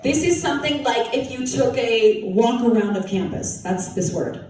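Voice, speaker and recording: A woman's voice: a little high, animated, normal speed, darkish tone. A woman from Utah with a Utah accent, a TV co-host giving a playful talk that quizzes a live audience. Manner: chatty and playful, quizzes the crowd. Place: large hall with an audience. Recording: echoey hall, mic heard from a distance, crowd noise.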